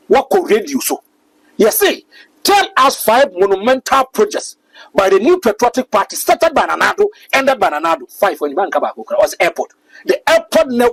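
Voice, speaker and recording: Ghanaian male commentator, rapid delivery, lively pitch, emphatic. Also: husky, dry recording, low-quality recording. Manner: emphatic, preachy, switches between English and Twi. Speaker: political commentator guest. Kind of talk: impassioned political talk-show commentary.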